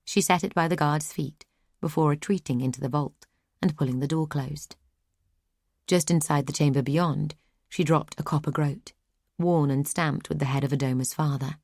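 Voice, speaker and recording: Woman narrator for fantasy audiobook; low, measured, dry studio read. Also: a little mellow, dry recording. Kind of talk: scripted narration.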